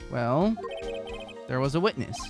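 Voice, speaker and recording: A streamer voicing a brash, gruff male police detective in a game who keeps calling people "pal". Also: mid-range voice, expressive, measured pace, soft background music, voice pushed down. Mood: explaining. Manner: gruff and blustery, says "pal". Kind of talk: voice acting while playing a game.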